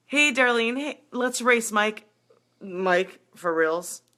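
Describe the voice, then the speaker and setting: A hyped-up middle-aged woman coaching runners on a live stream. Her voice is bright and forceful, and her pitch sits in the middle for a woman. She talks fast and greets her viewers as she goes. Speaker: running and triathlon coach. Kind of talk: live video chat with viewers.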